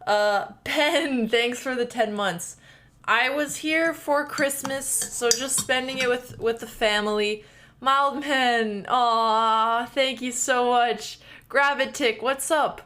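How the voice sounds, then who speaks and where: Woman streamer, high voice, casual chatty delivery, thanks viewers by name, slightly sore throat, home setup. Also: takes it slowly, pushed and bright. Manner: chatty, reads out viewer names and thanks them. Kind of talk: casual live-stream chat. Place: home room.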